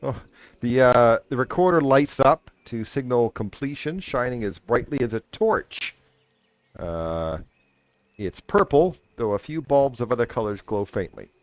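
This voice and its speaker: A man running a tabletop game as game master, relaxed and chuckling. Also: mid-range voice, a little slow, no echo, highs cut off.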